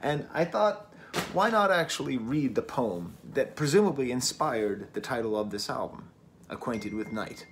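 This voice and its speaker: A man's voice: medium pitch, lively intonation, moderate pace, a little hiss or hum. A man from New England giving a casual, wry album review at home, often laughing at himself. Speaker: record reviewer. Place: at home, early morning. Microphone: camera mic.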